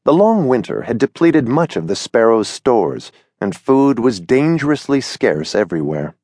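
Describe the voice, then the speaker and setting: Male storybook narrator, middle pitch, very animated reading, dry close recording. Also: moderate pace, no room sound. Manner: expressive, storytelling. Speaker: audiobook narrator. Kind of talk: scripted children's story narration. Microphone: close studio mic.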